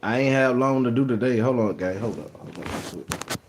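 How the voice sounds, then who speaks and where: A man with a mid-range voice hosts a live stream at a moderate pace, recorded on a phone with heavy background noise. He chats loosely and repetitively with viewers, teasing commenters and calling the chat "gang."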